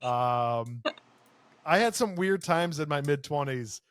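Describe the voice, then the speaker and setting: A man's voice: on the high side, expressive, slow, fairly bright tone, no echo. Laid-back wry male podcast guest. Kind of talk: casual podcast chat.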